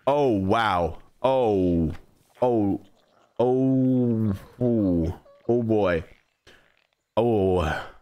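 A man's voice: on the low side, very slow, long pauses, dark tone, clean tone. A young man streaming a game, animatedly bossing his creatures around as he plays. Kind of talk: live gameplay commentary.

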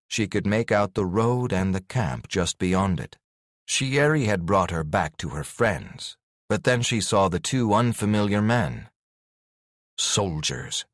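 Man, audiobook narration, expressive, lively intonation, deep voice, dead-dry studio mic. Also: dry recording.

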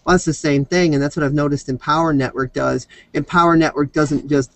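A man's voice: a little high, fairly even intonation, fairly quick, no echo, rough recording. A man talking casually in a rambling storytelling way, with frequent restarts. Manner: rambling storyteller with restarts, mimics voices in quotes. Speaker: video host. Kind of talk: casual chat.

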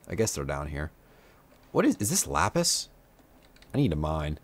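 In an extremely low voice with huge pitch swings, a young gameplay commentator talks at a moderate pace through casual let's-play commentary. He mocks himself, chats freely, and erupts at enemies without warning.

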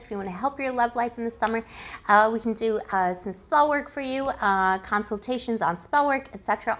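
A tarot reader gives a casual reading, playful and affectionate, calling the listener pet names. Her voice sits on the high side and is slightly hoarse.

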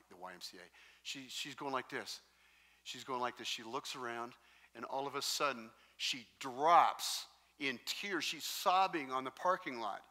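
A man preaching a sermon as pastor, telling stories in a lively, joking way. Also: mid-range voice. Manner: animated, jokey storytelling. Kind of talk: sermon with storytelling. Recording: long reverb in a large hall.

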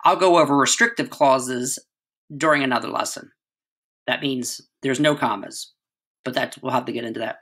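A man's voice: mid-range voice, moderate pace, fairly bright tone, breathy edge. A middle-aged man giving a conversational writing lesson as a teacher, often checking in with "right?" as he explains.

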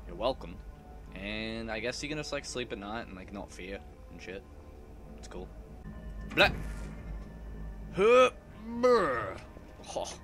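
Excitable young man yelping over a game. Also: fairly low pitch, slow pace, long pauses, faint music behind. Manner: excitable, swearing, sudden loud yelps. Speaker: let's play gamer. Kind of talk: casual gameplay commentary.

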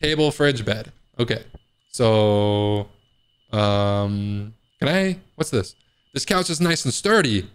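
A man's voice: on the low side, expressive, slow pace, clear, resonant tone. A man playing a horror game, joking and reacting with panicky outbursts in casual commentary. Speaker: gaming video host. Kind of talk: casual let's play commentary.

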